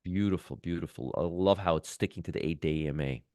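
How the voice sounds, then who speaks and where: A deep-voiced man hosts a trading show in a loose, enthusiastic way, repeating words and breaking off phrases as he goes. His voice is close and dry, with no room sound around it. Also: quick pace, darkish tone, no echo. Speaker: stock trading show host. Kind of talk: casual market commentary.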